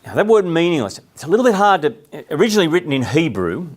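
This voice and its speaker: A man's voice: fairly high pitch, very animated, fast talker. A middle-aged man with an Australian accent gives a talk to a live audience, speaking conversationally and putting questions to his listeners.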